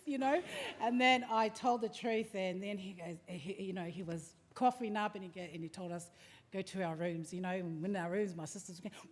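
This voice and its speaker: A middle-aged woman, telling a lively family story with many fillers at a memorial service. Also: mid-range voice, fairly quick, a little hiss or hum. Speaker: family member giving a tribute. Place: large hall at a family service. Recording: long hall reverb, faint room ambience.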